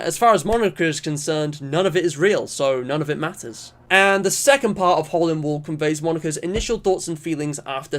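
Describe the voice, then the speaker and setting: A man with a somewhat high voice reads a scripted video essay in a measured, analytical manner. Soft music plays faintly under his narration.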